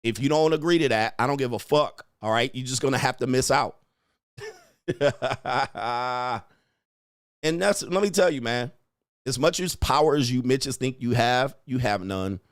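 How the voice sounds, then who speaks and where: A man's voice: medium pitch, fairly quick, dry recording, clean studio sound. A man hosting his own livestream, talking straight to his viewers in a brash, profane, mocking way and taunting them. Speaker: livestream host. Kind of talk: livestream rant to chat.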